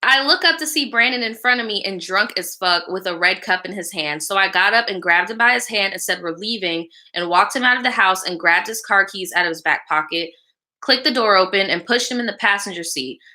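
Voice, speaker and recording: Woman live-show host, very bright tense tone, blunt slangy advice, swears freely. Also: mid-range voice, brisk. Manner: chats back to live viewers between lines. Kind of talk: reading a viewer's story aloud and giving advice.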